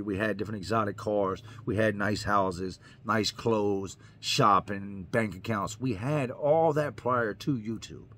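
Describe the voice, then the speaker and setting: A man's voice: lowish voice, fairly bright tone. A man, a YouTuber, telling his own story in an earnest, emphatic way, repeating lines for effect. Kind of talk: personal storytelling to camera.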